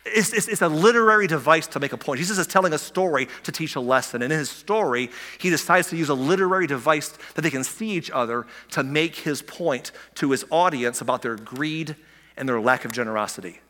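A pastor preaches a sermon from a church pulpit in a bright, forceful voice pitched a touch high, with lively intonation and a fairly quick pace. Carried away, he trips over restarts and fires rhetorical questions at the congregation. A long reverb trails each phrase through the sanctuary.

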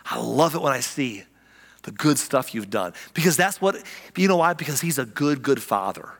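A man preaching a sermon as pastor, animated and conversational, repeating key lines for emphasis. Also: mid-range voice, moderate pace, in a large hall.

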